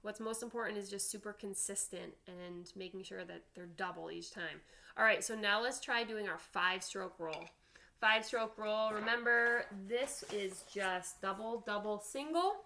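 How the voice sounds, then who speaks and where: A woman's voice: mid-range voice, moderate pace, sharp tone, a little hiss or hum. A woman band teacher giving an online drum lesson, counting aloud and checking in with "all right?".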